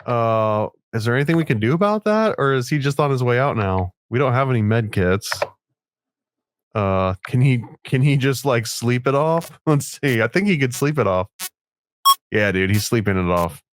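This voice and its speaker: A laid-back man comments on the game as he plays, joking and tossing in words like dude and man. His voice sits at an ordinary middle pitch for a man. He talks into a computer mic on a voice call. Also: animated, moderate pace, a little hiss or hum. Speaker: guest player in a gaming video. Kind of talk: casual gameplay chat.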